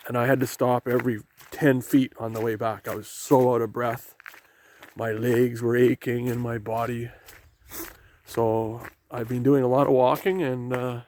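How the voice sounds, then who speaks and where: Camera in hand, a Canadian vlogger walks down a rain-soaked forest trail toward the ocean, rambling casually about the sights. His voice sits in the mid range with a slightly mellow quality, over faint outdoor sounds of rain and waves.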